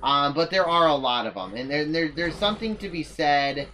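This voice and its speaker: A man's voice: a little high, lively intonation, normal speed, pushed and bright, a little hiss or hum. A man giving casual commentary on his strategy game, rambling and poking fun at his own moves. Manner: rambling, self-mocking, often restarts sentences. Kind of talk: casual let's-play commentary.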